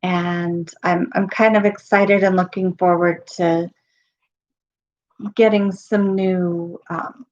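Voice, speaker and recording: Middle-aged woman hosting a casual live stream, hoarse from losing her voice, halting delivery, dull lo-fi sound. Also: on the low side, level tone, a little mellow. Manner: halting, with many pauses and ums.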